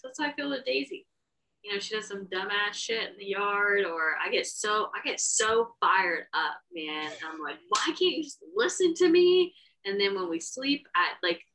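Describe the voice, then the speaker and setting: A woman's voice: medium pitch, pushed and bright, recorded from a distance, rough recording. A woman co-hosting a podcast, chatting frankly and casually with some swearing. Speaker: podcast co-host. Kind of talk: casual chat.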